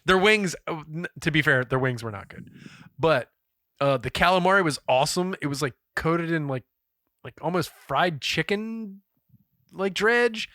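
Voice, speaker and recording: A man co-hosting a podcast, telling a story in a casual, profane and animated way. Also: fairly high pitch, normal speed, dry recording, clean studio sound. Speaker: podcast co-host. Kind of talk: casual chat.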